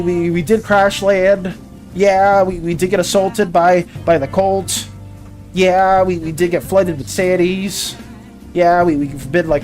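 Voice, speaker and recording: A streamer chatting casually during a drawing stream, often stammering and repeating words, flustered and defensive. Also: medium pitch. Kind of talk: casual live-stream chat while drawing.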